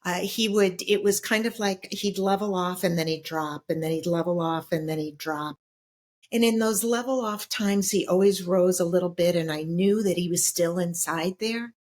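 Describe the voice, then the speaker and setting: A middle-aged woman with a slightly low voice recounts her own experiences as an interview guest. She speaks reflectively, halting and restarting with frequent fillers as she searches for words. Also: a little mellow. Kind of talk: personal storytelling in an interview.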